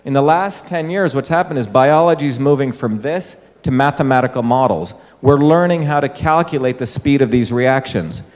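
An Indian man with a mid-range, slightly mellow voice speaks at a moderate pace with few pauses. He gives a public talk in a large hall, posing rhetorical questions to the audience as he explains. The hall makes the recording echoey.

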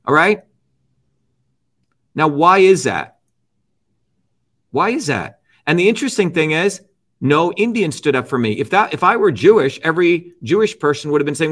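A man's voice: fairly high pitch, animated, normal speed, long pauses, fairly bright tone. A middle-aged man as an interview guest, lecturing emphatically, repeating his key phrases and checking in with "okay?" and "right?". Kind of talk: argumentative interview talk.

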